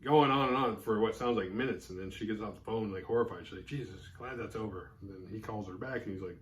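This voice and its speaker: Guy with a lowish voice rambling thru a horror movie recap, doing the characters' lines. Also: quick pace, hardly any pauses. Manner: animated, acts out characters' lines mid-recap. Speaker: horror movie podcast host.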